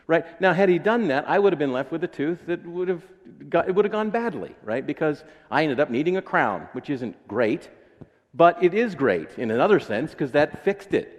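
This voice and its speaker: A man's voice: a little high, very animated, moderate pace, big-room sound. A man with an American accent preaching a sermon in a casual, joking way, acting out little voices. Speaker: pastor. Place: church sanctuary.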